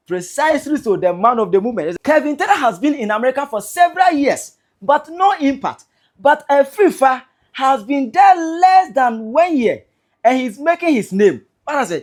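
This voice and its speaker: Ghanaian woman, online commentator, excitable and mocking, very expressive delivery. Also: on the high side, moderate pace. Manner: excitable, teasing, reads out viewer comments. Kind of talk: animated commentary vlog.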